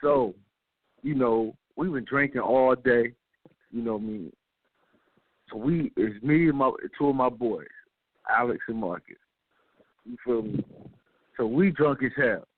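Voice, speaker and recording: A man hosting a radio talk show, telling a story in a relaxed, slangy way and often checking in with the listener. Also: medium pitch, measured pace, long pauses, no echo. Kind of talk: casual storytelling. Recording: dry, phone-like radio audio.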